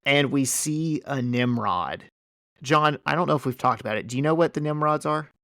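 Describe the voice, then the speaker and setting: A man hosting a casual podcast chat, retelling a story with lively energy and plenty of fillers. His voice sits at an ordinary middle pitch. It is recorded close and dry, with no room sound. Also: moderate pace, no room sound. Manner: animated storytelling with many fillers. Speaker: podcast host. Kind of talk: casual chat recapping a comic.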